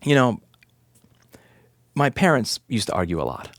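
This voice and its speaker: A man's voice: mid-range voice, very animated, moderate pace, dry recording. Indignant man ranting to camera. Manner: impassioned, indignant, swears for emphasis; rhetorical questions, hammering repetition. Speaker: repair shop owner and right-to-repair advocate. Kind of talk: direct-to-camera commentary rant.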